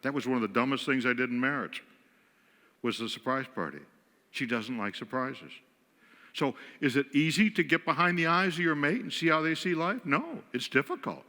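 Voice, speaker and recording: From the pulpit, a guest speaker from western New York delivers a humorous storytelling sermon, spinning wry, self-deprecating tales about married life. His bright, forceful, mid-range voice has lively intonation and a normal pace, echoing with the long reverb of a church sanctuary.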